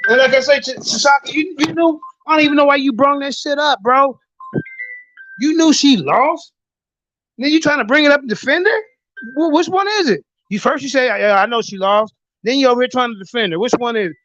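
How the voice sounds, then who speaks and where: A man's voice: extremely high pitch, fairly quick, bright, forceful tone, faint music behind. A man hosting a heated online group chat, ranting and cursing, repeating himself as he argues. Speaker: show host. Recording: dull, dry online call audio.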